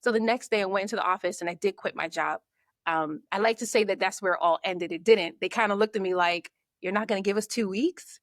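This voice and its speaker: A marketing coach appearing as a podcast guest energetically tells stories from her past, acting out her own inner thoughts along the way. Her voice is at an ordinary middle pitch for a woman, and she speaks fast. The recording is dry and close, without room echo.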